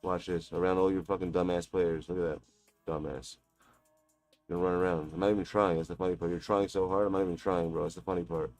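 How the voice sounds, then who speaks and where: Low-voiced man trash-talking mid-game. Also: level tone, fast talker, a little mellow, dry recording, faint music behind. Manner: taunting, mocking, profane. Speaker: gaming streamer. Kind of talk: live gameplay trash talk.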